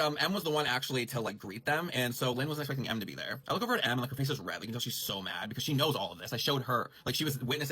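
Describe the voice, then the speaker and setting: A man's voice: medium pitch, sharp tone, breathy edge. A man casually telling a rambling story about his grooming salon, full of "like" and self-corrections. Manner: rambling, heavy use of "like", frequent self-corrections.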